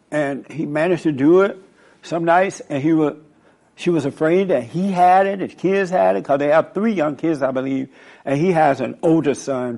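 A man's voice: a little high, a little mellow. A man hosting a radio show, telling a rambling story and drawing moral lessons from it. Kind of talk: preachy radio monologue.

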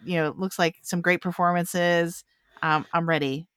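A woman's voice: lowish voice, steady tone, moderate pace, fairly bright tone, clear, resonant tone, dry recording, studio quality. A woman hosting a casual film podcast, upbeat and laughing often as she steers the conversation. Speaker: podcast host.

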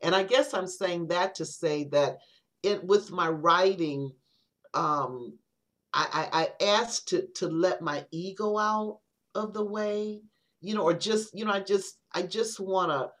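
A woman poet speaks in a lower register, reflective and unhurried. Her sentences stall and restart as she works toward what she means. It is a casual conversation on an interview podcast. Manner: reflective, halting with many restarts.

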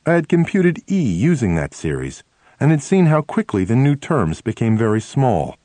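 A man narrating a first-person memoir as an audiobook, telling the story in a lively, expressive way on a close mic. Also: mid-range voice, normal speed, dry recording.

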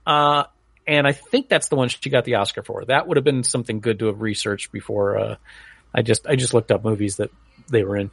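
A man co-hosting a podcast, chatting casually and giving opinions in a lively, chatty way. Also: on the low side, a little fast, gravelly, breathy edge, no echo. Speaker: podcast co-host.

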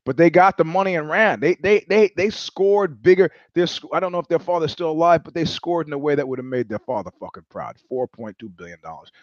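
Male host, profane storyteller with restarts, slightly high voice, dry muffled recording. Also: expressive, brisk, hardly any pauses, dry recording. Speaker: show host. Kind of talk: casual monologue. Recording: dull lo-fi sound, dry.

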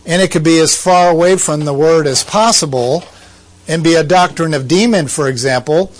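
A man's voice: a little high, moderate pace. A man giving conversational Bible teaching, asking rhetorical questions and making asides to his listeners.

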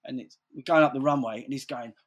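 A man's voice: mid-range voice, fast talker. A man telling stories in casual chat, rambling, swearing freely and saying "like" constantly.

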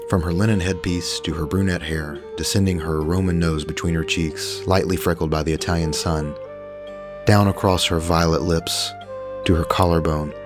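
A man narrating a scripted story in a measured, even reading. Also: sits low.

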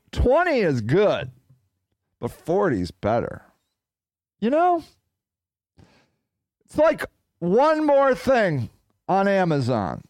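A man's voice: sits high, no room sound. A man hosting a podcast, telling rambling, playful stories in casual solo chat. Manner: animated, rambling, playful storytelling. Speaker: podcast host.

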